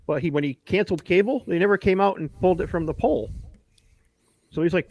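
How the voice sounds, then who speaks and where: A man's voice: high-pitched, quick pace, a little mellow. A middle-aged man, a podcast co-host, telling a story in a profane, casual way and acting out what others said. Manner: profane anecdotes, acting out quotes.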